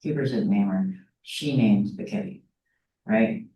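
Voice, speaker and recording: A woman's voice: a bass voice, unhurried, highs cut off, slight background noise. A middle-aged woman teaching a psychology class in a casual, chatty storytelling way, often checking in with her students. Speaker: psychology instructor. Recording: echoey classroom heard from a distance.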